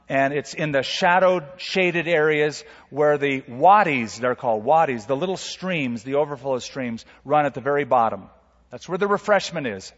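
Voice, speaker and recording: A male pastor preaching a sermon, swinging from loud, dramatic quotes down to soft, quiet asides. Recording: reverberant hall, dull low-fidelity sound.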